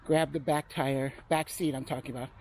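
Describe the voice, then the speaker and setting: A man's voice: mid-range voice, steady tone, normal speed, low-quality recording. A man chatting casually as he rides a bike outdoors and narrates the route, out of breath at times. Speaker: vlogger. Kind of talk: casual talk while cycling. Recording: loud outdoor noise.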